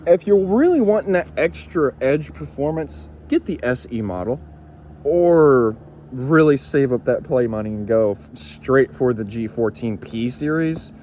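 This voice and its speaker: A man's voice: medium pitch, expressive, measured pace, dark tone. Man, casual gear review, rambling, swears a bit, faint noise behind. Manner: rambling, retells a friend's words, swears casually. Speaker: YouTube reviewer.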